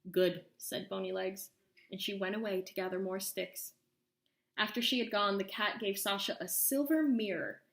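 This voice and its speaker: A woman reading a children's story aloud, expressive and slowing for suspense. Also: medium pitch, gravelly, reverberant. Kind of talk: read-aloud story narration.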